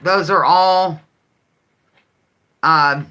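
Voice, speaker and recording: A woman's voice: lowish voice, fairly even intonation, very slow, sharp tone, smooth, lo-fi sound. A woman hosting a casual live-stream game, chatting and reading out viewers' answers with frequent giggles. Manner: chatty, giggly, reads viewer comments aloud. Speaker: livestream host.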